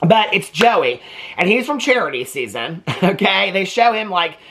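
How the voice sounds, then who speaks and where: A man's voice: high-pitched, normal speed. Gossipy man dishing on reality TV. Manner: gossipy and animated, peppered with "okay?" and "like". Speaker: TV reaction vlogger. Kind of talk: chatty gossip about a reality show.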